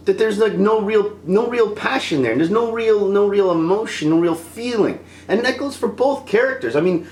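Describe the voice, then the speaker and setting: A film reviewer ranting in an exasperated, animated way, acting out scenes as they go. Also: mid-range voice, reverberant.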